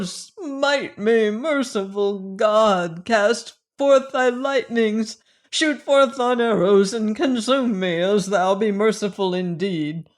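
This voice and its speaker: A man's voice: high-pitched, pitched above the performer's own voice, full character voice. A man doing an anguished, grieving old seaman. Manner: anguished, crying out to God. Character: grief-stricken older seaman, pious and anguished. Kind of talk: audiobook character reading.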